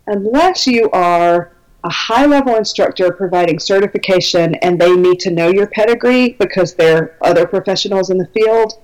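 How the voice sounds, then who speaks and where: A woman's voice: lowish voice, darkish tone, low-quality recording. Chatty woman belly dance teacher. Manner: chatty, enthusiastic, many fillers. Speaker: guest belly dance instructor. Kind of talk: casual podcast conversation.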